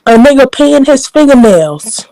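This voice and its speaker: A woman's voice: high-pitched, expressive, normal speed, gravelly, warm tone, no room sound, rough recording. A young woman from New York City with a New York accent, blunt and profane in casual chat.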